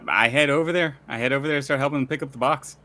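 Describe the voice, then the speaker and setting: A man playing in a tabletop game, speaking in quick, hesitant bursts. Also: mid-range voice, pushed and bright. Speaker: player.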